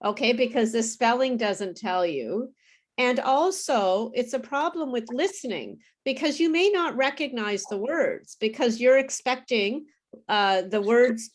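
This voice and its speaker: Woman, online pronunciation teacher, slow deliberate delivery, slightly high voice. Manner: slow, careful teacher explaining with apologies and laughs. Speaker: English pronunciation tutor.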